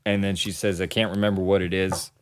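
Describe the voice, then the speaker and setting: A man's voice: low-pitched, flat delivery, quick pace, a little hiss or hum. A man hosting a casual live-stream podcast, reading chat messages aloud and laughing often. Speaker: podcast host.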